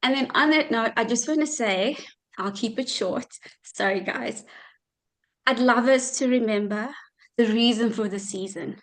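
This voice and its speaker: A woman with a voice a little on the high side gives a heartfelt thank-you speech to her community. She is effusive, thanking people again and again. She is heard over a group video call. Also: a little slow, poor audio. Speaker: custodian of an online gifting community.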